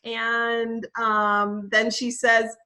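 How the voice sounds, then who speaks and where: A woman's voice: a little high, completely flat delivery, drawn-out words, sharp tone. A middle-aged woman, a nature preserve educator, telling a story in a casual, chatty way, with plenty of fillers and self-corrections.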